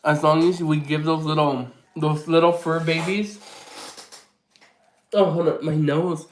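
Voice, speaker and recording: A man vlogging casually to camera, rambling with many restarts and fillers, softly sentimental in tone. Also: a little high, steady tone, measured pace, slight background noise, low-quality recording.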